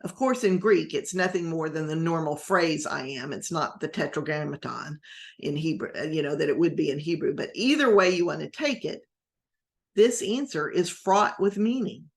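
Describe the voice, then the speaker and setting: A woman pastor teaching a Bible class in a gentle, rambling storytelling manner, sometimes acting out the quotes. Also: deep voice, normal speed, creaky.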